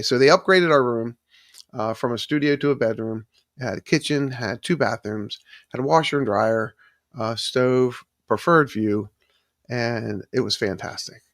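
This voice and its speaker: A man with a gravelly, mid-range voice hosts a casual livestream at a moderate pace, rambling through his story, restarting sentences often and thanking chat viewers by name. The sound is close and dry, with little room sound and no echo.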